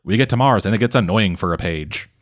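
A man casually recapping a comic book on a podcast, rambling and swearing often, with dry, deadpan asides. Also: on the low side, fast talker. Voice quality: rambling, profane, deadpan summary. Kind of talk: casual chat.

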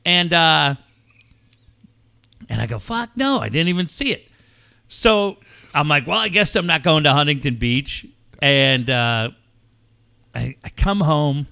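Brief: middle-aged guy, bright lively voice, profane storyteller. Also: a little high, measured pace, gravelly, long pauses, clear, resonant tone. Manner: animated, swears often, acts out quoted shouts. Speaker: show regular telling a story.

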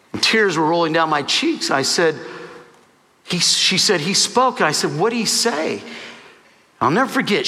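Man, pastor, emotional sermon storyteller; high bright voice, hall reverb. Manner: emotional storytelling, quoting dialogue. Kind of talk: sermon testimony.

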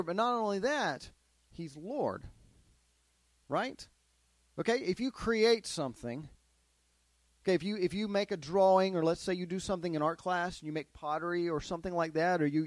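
Man, children's Bible teacher, quizzes the kids, higher voice, dry close sound. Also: normal speed, no room sound. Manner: asks the kids questions, animated storytelling. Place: classroom with children.

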